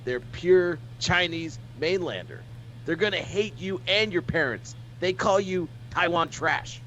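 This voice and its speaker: A man's voice: high-pitched, measured pace, fairly bright tone, dull audio, a little hiss or hum. A man putting on a snobbish rich young boyfriend, haughty and sneering, in a comedy read-through.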